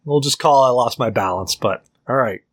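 Good-natured gruff farmer played by a man, mid pitch, casual game session. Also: moderate pace, fairly bright tone, natural voice. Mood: wry.

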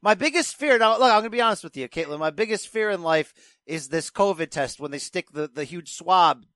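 A man hosts a casual interview, upbeat and quick to joke. His voice sits fairly high. The sound is dry and close. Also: animated, fairly bright tone, dry recording. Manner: jokey and upbeat.

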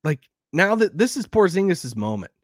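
A man with a Southern accent hosting a sports podcast, rambling and animated, laughing now and then. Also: high-pitched, normal speed, no room sound, studio quality. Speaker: podcast host. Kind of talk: casual sports talk.

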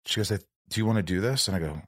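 A man's voice: fairly low pitch, rapid-fire, fairly bright tone, no room sound, clean studio sound. A man hosting a podcast, telling a personal story in casual chat and acting out the dialogue. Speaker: podcast host.

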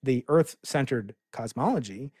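A man's voice: medium pitch, animated, measured pace, a little mellow, slightly rough, no echo, clean studio sound. A middle-aged man talking as a podcast guest, telling a story with enthusiasm and plenty of fillers and restarts. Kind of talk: casual podcast conversation.

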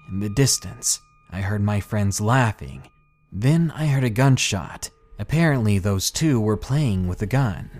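A man with a fairly low voice narrates a scary true story for a podcast. His delivery is measured and dramatic. Quiet music plays underneath. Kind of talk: scripted horror story narration.

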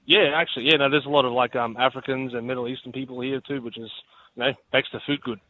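A man's voice: medium pitch, fairly even intonation, quick pace, no room sound. A man calling into a radio show, Australian with a slight Kiwi tinge, easygoing and chuckling, heard over a phone line. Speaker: caller.

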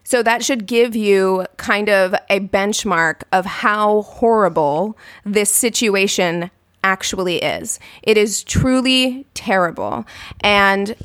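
Woman, podcast co-host, measured, thoughtful, mid-pitched voice. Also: fairly bright tone, no echo, clean studio sound. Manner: measured and thoughtful, speaking straight to listeners. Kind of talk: podcast discussion.

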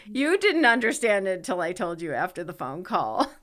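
A woman co-hosting a casual podcast chat and telling stories with lively energy. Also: medium pitch, moderate pace. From United States. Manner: lively storyteller. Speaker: podcast co-host.

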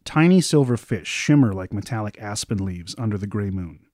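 A man running a tabletop fantasy game, his voice warm and mellow as he paints each scene in measured detail. The sound is close and dry, with no room around it. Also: lowish voice, lively intonation, no echo. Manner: descriptive, measured narration. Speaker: game master.

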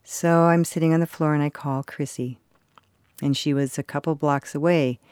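A woman's voice: low voice, fairly even intonation, moderate pace, a little mellow, clear, resonant tone, no echo, studio quality. An older woman telling a personal story in conversation, earnestly acting out the voices of the people in it. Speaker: interviewee recalling a personal story.

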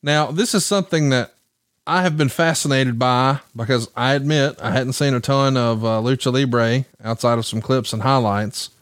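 A man's voice: medium pitch, steady tone, normal speed, no echo, studio quality. A man hosting a podcast, reading excerpts aloud and bantering with his guest. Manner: reads excerpts aloud, then banters and laughs. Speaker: podcast host. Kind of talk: casual interview chat.

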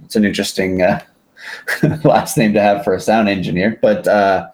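A man's voice: on the low side, fairly even intonation, normal speed, darkish tone. A man co-hosting a podcast in casual chat, rambling with many fillers and restarts. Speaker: podcast co-host.

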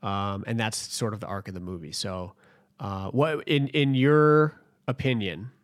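A man's voice: on the low side, measured pace. A man co-hosting a casual chat podcast, explaining his ideas thoughtfully and joking along. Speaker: podcast co-host.

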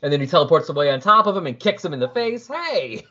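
A man with a slightly high voice races through a casual story recap for a podcast, acting out the characters' dialogue as he goes. He's animated and jokey, and the recording sounds muffled.

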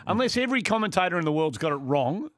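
An Australian male co-host on sports radio who needles his mates in exasperated banter. His voice sits a touch high and swings widely in pitch. The sound is dry and close. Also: big pitch swings, fast talker, fairly bright tone, dry recording.

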